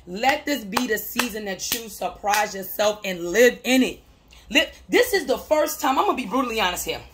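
A woman vlogger talking about her recovery, emphatic and repetitive like a preacher, often laughing and breaking into shouts. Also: on the high side, animated, moderate pace, slight background noise. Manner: emphatic, repeats phrases, preacher-like cadence. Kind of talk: motivational talk to camera.

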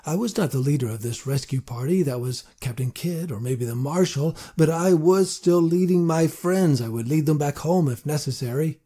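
A man's voice: on the high side, normal speed, few pauses, warm tone, breathy edge. A man earnestly narrating a first-person fantasy audiobook.

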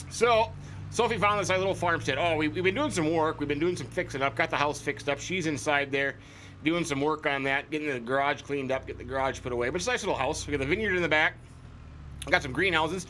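A bright, forceful man rambles through a farming game with goofy asides, repeating words for fun. His voice sits a touch high for a man. A faint hum of game ambience runs underneath. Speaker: let's play host. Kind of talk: casual gameplay commentary.

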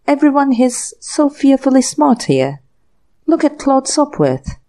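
A woman's voice: high-pitched, sing-song, unhurried, mellow, pitched above the performer's own voice. A woman doing an arch, giggly young woman. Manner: arch and prim.

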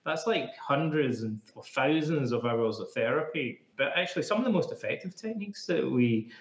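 A man's voice: medium pitch, lively intonation, normal speed. A man being interviewed as a psychotherapist, explaining things in a chatty, casual way full of "like" fillers. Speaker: psychotherapist guest. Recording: echoey room.

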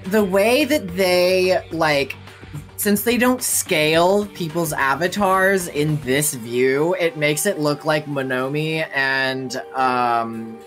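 A woman with a low voice chats and jokes between game lines. She speaks slowly, with lively pitch. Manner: jokey, laughs often. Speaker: fan voice actor and player. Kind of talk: casual chat while voice-acting a game.

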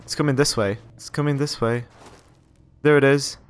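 A young man playing a horror game and talking through it, jittery and quick to exclaim and repeat words when scared. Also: medium pitch, steady tone. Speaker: gaming YouTuber. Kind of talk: horror game let's play commentary.

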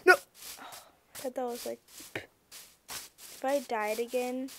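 A young woman giving casual, excitable commentary over her own gameplay, easily flustered and exclaiming at what happens on screen. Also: fairly high pitch, takes it slowly, slight background noise, poor audio. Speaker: gameplay streamer.

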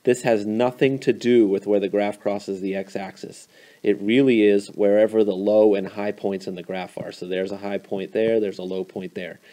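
A man's voice: lowish voice, flat delivery, moderate pace, warm tone. A man teaching math, explaining a graph in a casual, informal way with a few fillers. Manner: informal, fillers, playful sound effects.

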